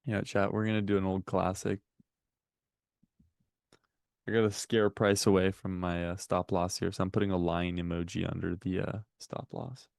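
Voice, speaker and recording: A man with a low, gravelly voice co-hosts a live trading stream, joking and chatting straight to his viewers. His voice is recorded close on a desk mic, with a dry sound and almost no room in it. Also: level tone, fairly quick, hardly any pauses, darkish tone, no echo. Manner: chatty, joking, addresses chat often. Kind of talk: casual live-stream commentary.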